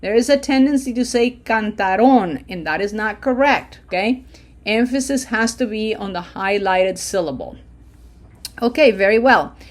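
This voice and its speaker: A woman teaching a language lesson, modeling words slowly for repetition and checking in with frequent "okay?". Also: a little high, lively intonation. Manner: patient, drawn-out model phrases for repetition. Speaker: Spanish teacher. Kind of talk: slow pronunciation lesson.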